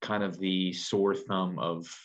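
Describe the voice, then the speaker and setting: A man from the United States co-hosting a casual chat, animated and jokey, wandering off on tangents. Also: deep voice, slow. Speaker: podcast co-host.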